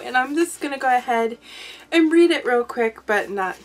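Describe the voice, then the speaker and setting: A young adult woman excitedly chatting through a craft mail unboxing, gasping and gushing over each item. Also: high-pitched, moderate pace, slight background noise. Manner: gushing, excitable, gasps often. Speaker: craft vlogger. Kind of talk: casual unboxing chat.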